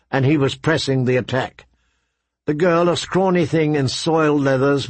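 Male audiobook narrator, husky, mid-pitched, dry close recording. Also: no echo.

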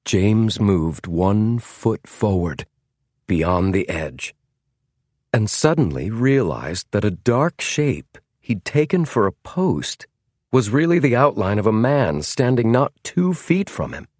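A man narrating a novel as an audiobook in a measured, dramatic storytelling manner. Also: on the low side, big pitch swings, a little mellow, no echo, clean studio sound. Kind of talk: scripted narration.

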